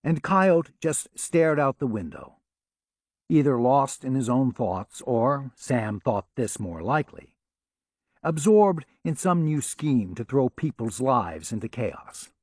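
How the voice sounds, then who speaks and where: A man narrating an audiobook in a measured, wry storytelling manner. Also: medium pitch, animated, darkish tone, dry recording, studio quality. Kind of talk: scripted narration.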